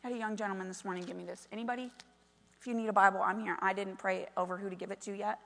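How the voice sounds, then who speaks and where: A middle-aged woman pastor preaching a sermon, moving from soft storytelling to loud, emphatic calls. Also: mid-range voice, steady tone, rapid-fire, vocal fry. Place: church sanctuary. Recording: long reverb of a large hall.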